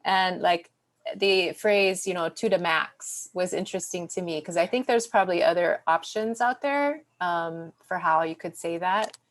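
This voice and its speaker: A woman's voice: fairly low pitch, normal speed. A woman moderating a casual panel discussion over a video call, asking questions in a thoughtful, academic way with frequent "like" and "um". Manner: thoughtful, academic, uses "like" and "um" often.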